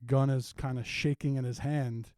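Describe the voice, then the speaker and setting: A man's voice: medium pitch, steady tone, moderate pace, a little mellow, no room sound. A man co-hosting a comedy podcast, chatting casually and laughing often as he recaps scenes. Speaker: podcast co-host.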